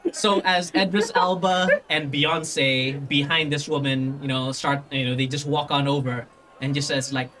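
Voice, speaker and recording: A man's voice: on the high side, steady tone, normal speed, bright, forceful tone. A man narrating a tabletop game as game master, rambling with lots of fillers and restarts.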